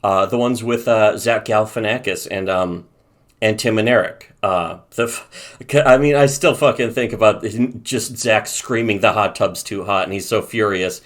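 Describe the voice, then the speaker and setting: Man, low voice, casual podcast rant, profane, working from notes. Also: normal speed. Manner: profane, ranting, reads from notes. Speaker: podcast co-host. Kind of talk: casual commentary chat.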